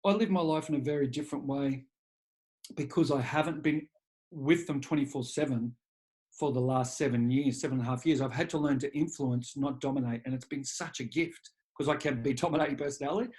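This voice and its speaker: A man's voice: medium pitch, fairly quick. Blunt, profane man in his forties. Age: 40s. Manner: blunt and profane, animated when quoting himself. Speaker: guest, leadership coach. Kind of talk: candid conversational storytelling.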